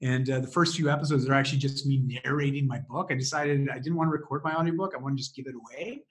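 A man talking as a podcast guest and coach, enthusiastic and quick to laugh as he shares advice. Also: mid-range voice. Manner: enthusiastic, fired up, laughs often. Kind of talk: animated interview conversation.

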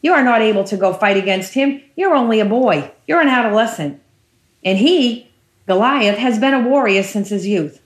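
A woman's voice: on the high side, animated, moderate pace, lightly acted. Incredulous, dismissive king put on by a woman preacher, roomy echo. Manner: incredulous, scoffing. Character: doubting king, dismissive of a boy.

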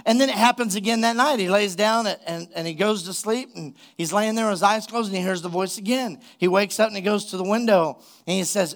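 High-voiced preaching pastor. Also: male voice. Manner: casual, storytelling preacher with quick asides; rising, emphatic exhortation. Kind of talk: sermon.

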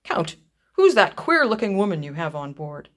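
A woman's voice: on the low side, very animated, moderate pace, a bit bright. A woman reading as a terrified old colonel. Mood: puzzled. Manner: exclaiming, horrified. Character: startled army colonel, man, shaken by terror.

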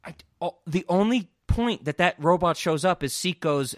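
Excitable swearing man, slightly high voice. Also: normal speed, dry recording, clean studio sound. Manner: excitable, swears freely, rambling with restarts. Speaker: podcast co-host. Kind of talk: casual film discussion podcast.

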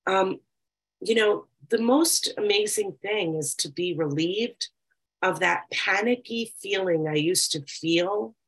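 A woman speaking reflectively about her own experience, reading passages aloud slowly and then talking freely. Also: mid-range voice, husky, poor audio. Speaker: speaker sharing recovery experience. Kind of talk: personal talk with reading aloud.

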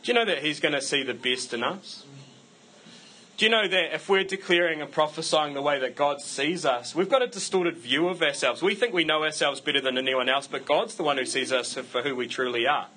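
A man's voice: fairly high pitch, brisk, bright, forceful tone, husky, low-quality recording. A man preaching a sermon to his church in a conversational way, breaking it up with self-deprecating jokes. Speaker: pastor.

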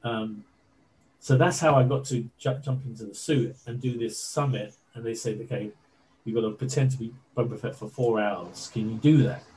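A man being interviewed, telling a story in a casual, animated way with lots of fillers. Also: mid-range voice, moderate pace, a little hiss or hum, rough recording. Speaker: interview guest.

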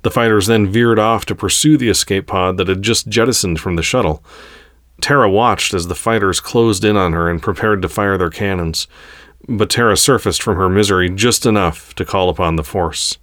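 A man reading a science fiction story aloud in a steady, unhurried way. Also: sits low, no room sound. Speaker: narrator. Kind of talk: storybook narration.

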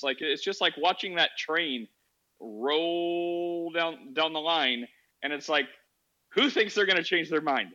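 A man hosting a casual group chat, with a bright, forceful voice. He jokes a lot and fills his talk with "like". The audio is dull and lo-fi. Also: a little high, unhurried. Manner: joking, says "like" often.

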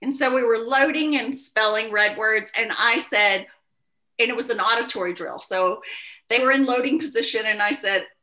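A woman with a Southern US accent, a podcast host chatting casually and explaining things slowly and thoroughly, laughing often. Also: fairly high pitch, bright, forceful tone. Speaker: podcast host and teacher trainer.

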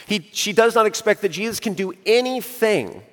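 A man's voice: sits high, expressive, normal speed. Man preaching in a reverberant hall. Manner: dramatic, swings from hushed to emphatic. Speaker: pastor. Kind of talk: sermon.

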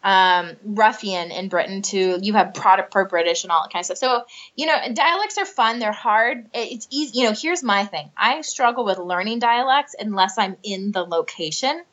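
A woman's voice: medium pitch, moderate pace, few pauses, fairly bright tone, muffled recording. A woman with an Ohio accent, hosting a podcast in casual chat and talking a lot. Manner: chatty, says like often, swears casually. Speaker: podcast host.

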